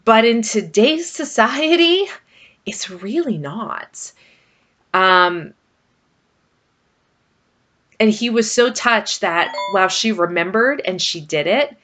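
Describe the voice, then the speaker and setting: A woman's voice: medium pitch, lively intonation, takes it slowly, long pauses, fairly bright tone. A middle-aged woman vlogger talking casually and rambling about her marriage, with frequent fillers. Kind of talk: casual personal talk to camera.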